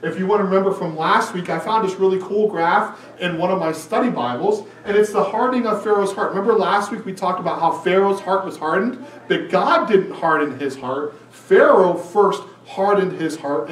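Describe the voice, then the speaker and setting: A man preaching a sermon, lively and expressive, acting out the figures he quotes. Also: high-pitched, moderate pace, few pauses. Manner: animated preaching, acts out quoted lines. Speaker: pastor. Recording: echoey room, mic at a distance.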